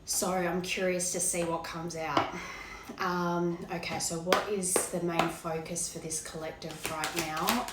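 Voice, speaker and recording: Hoarse low-voiced woman reading tarot. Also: little pitch movement, measured pace, reverberant, heavy background noise. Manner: rambling, hesitant, many fillers. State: hoarse, voice cracking from illness. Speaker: tarot card reader. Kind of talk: casual tarot reading to camera.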